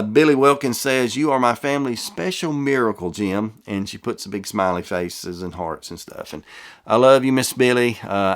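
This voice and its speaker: A middle-aged man from the American South reading viewer comments in a casual, folksy way and stumbling over names. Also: mid-range voice.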